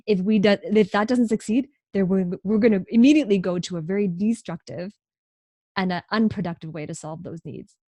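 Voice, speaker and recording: A woman's voice: medium pitch, a little fast, mellow, no echo. A woman who is a career educator, a podcast guest, speaking emphatically in a coaching tone and repeating key phrases. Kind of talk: conversational podcast interview.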